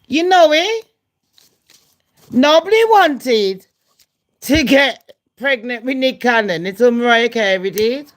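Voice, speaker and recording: A woman's voice: on the high side, lively intonation, slow, long pauses. Chatty profane woman gossiping. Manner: chatty, profane, laughs at her own jokes. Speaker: channel host. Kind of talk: casual gossip chat.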